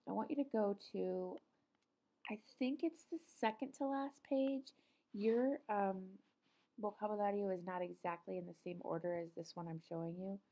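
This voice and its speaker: A middle-aged woman teaching a recorded Spanish lesson, explaining patiently with frequent pauses and ums. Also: mid-range voice, warm tone.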